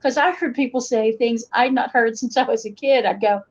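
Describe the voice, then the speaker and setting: A woman's voice: a little high, fairly quick. A woman from western North Carolina with an Appalachian accent, a folklorist talking as an interview guest, telling stories with voiced quotes. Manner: storytelling, animated asides with voiced quotes. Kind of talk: casual interview conversation. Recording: dull lo-fi podcast recording.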